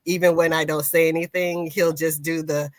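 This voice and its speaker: A woman guest on a faith podcast, speaking in a reflective, halting way with frequent restarts. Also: deep voice, little pitch movement, no echo. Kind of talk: casual faith talk.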